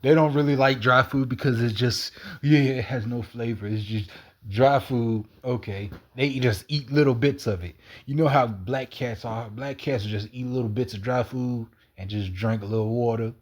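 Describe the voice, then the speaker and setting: A man's voice: medium pitch, normal speed. A man in a rambling, wandering monologue, repeating himself and swearing casually. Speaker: cat feeder.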